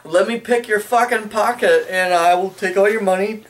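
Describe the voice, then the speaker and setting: A man's voice: sits high, normal speed, far from the mic. A young man crudely retelling a story in casual chat, rambling and sometimes mimicking the characters.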